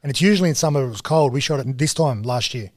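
A man, a guest casually telling stories, animated and full of slang. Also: mid-range voice, fast talker, no room sound, studio quality. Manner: animated, slangy, swings into excited quoting. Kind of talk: casual storytelling.

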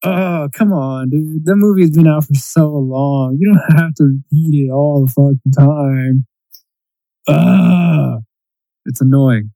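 A man with a slightly high but mellow voice, chatting casually in an animated, profane rant. He breaks into raised-voice mimicry of quotes. The sound is dry and close. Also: unhurried, hardly any pauses, no echo, rough recording. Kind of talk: casual chat.

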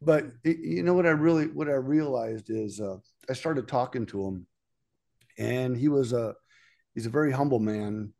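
Mellow, folksy middle-aged man from California. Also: mid-range voice. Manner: rambling, folksy anecdotes, lots of fillers, quotes others with "I says" and "he goes". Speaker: guest, automotive executive. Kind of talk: casual storytelling interview.

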